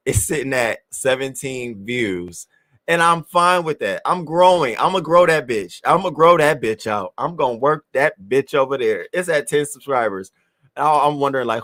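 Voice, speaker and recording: A man's voice: medium pitch, fairly bright tone. Brash, profane male live-stream host. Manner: brash and profane, talking straight at the chat. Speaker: livestream host. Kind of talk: casual live-stream commentary.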